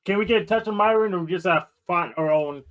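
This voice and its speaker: A man's voice: high-pitched, fast, fairly bright tone. A man calling in to a live stream, chatting casually and playfully going along with the host's jokes. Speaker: caller. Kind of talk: casual chat.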